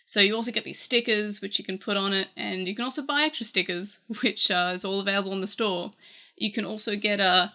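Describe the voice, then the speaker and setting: This tech reviewer is a woman with an Australian accent who chats casually through a gadget review, rambling a bit with fillers and restarts. Her voice sits in the mid range, and she speaks briskly with a sharp tone.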